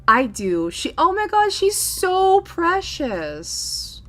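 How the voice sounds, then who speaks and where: A young woman gaming YouTuber narrating her farming game run, gushing and excitable with frequent gasps. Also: extremely high pitch, very slow, faint music behind. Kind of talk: gameplay commentary and narration.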